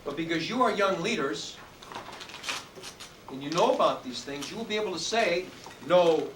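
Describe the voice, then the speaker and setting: A high-voiced man gives a motivational talk to students in an indoor room that also holds adults, drawing out emphatic key words and prompting the audience to call back. He's heard from a distance in an echoey space, over steady background noise.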